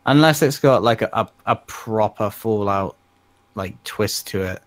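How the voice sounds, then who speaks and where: A man co-hosting a casual podcast with a lowish voice, recorded dry and close. He explains things at length, walking through details like a storyteller. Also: unhurried, no room sound.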